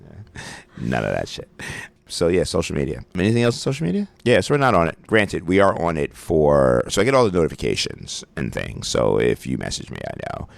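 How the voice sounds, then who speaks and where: With a low, gravelly voice, big pitch swings and a brisk pace, this Brooklyn podcast co-host chats casually in a radio studio, joking around and cursing freely. The studio-mic recording is dry.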